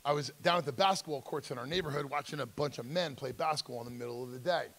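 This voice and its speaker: Gravelly-voiced man telling his story. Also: mid-range voice, quick pace, fairly bright tone. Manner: acts out quoted voices, emphatic, intense. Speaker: speaker at a school drug seminar. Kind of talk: personal storytelling talk.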